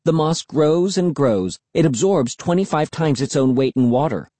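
A smug, bossy young girl from a storybook, whining and teasing in a high, springy voice. A man acts her out over a dry, close mic, with a mellow, slightly husky tone under the lift. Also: expressive, moderate pace, dry recording.

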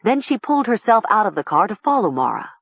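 A woman narrating an audiobook in a measured, expressive way. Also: medium pitch, breathy edge, no echo, phone-quality sound.

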